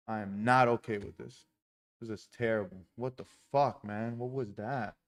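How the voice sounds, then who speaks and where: A man's voice: on the low side, fairly even intonation, normal speed. A man live-streaming his day trading, talking through his trades with heavy swearing and frustrated outbursts.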